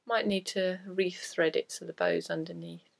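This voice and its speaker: This podcast host is a woman whose voice sits on the low side, steady and creaky, at a moderate pace. She chats casually about crafting, rambling and poking fun at herself, with a lingering cough left over from a cold.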